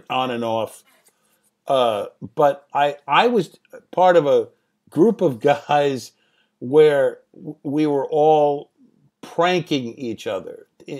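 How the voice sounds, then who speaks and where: Man in his sixties, older, interview guest storyteller, lively pitch, higher voice, casual swearing. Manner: animated, swears casually, laughs at own stories. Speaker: guest, screenwriter and director.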